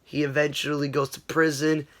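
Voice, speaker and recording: A man talks through his week of movies in a loose, offhand way, circling back and restarting his sentences. His voice sits a touch higher than most men's. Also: little pitch movement, moderate pace, fairly bright tone. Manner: rambling, offhand, with many fillers and restarts. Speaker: movie reviewer. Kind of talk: casual spoken movie review.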